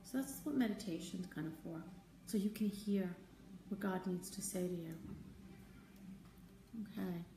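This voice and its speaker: A woman hosting a live stream as a spiritual teacher, talking gently and conversationally, answering viewer comments and repeating her key phrases. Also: lowish voice, measured pace, long pauses, a little hiss or hum. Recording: roomy, distant mic, faint ambience.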